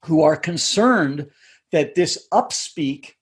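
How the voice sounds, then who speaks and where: A man who works as a communication coach, a podcast guest explaining in a measured way and dropping his pitch to close points. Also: expressive, slightly rough. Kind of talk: interview conversation.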